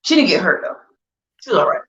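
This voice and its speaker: A woman's voice: fairly low pitch, very animated, quick pace, a bit bright, husky. A woman telling a story in casual chat on a livestream, blunt and profane. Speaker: guest. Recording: dull lo-fi livestream audio.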